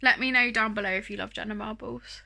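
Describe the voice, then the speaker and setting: A woman's voice: mid-range voice, fairly even intonation, fast talker, creaky, sharp tone. A woman chatting casually through a makeup tutorial, rambling and self-deprecating, with plenty of fillers. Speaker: beauty vlogger.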